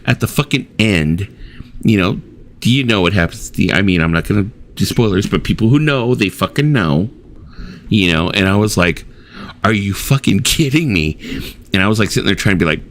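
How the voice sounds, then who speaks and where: A man's voice: on the low side, lively intonation, brisk, slight background noise. A middle-aged man hosting a casual late-night chat stream, swearing freely and acting out his own reactions as he tells stories. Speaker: stream host.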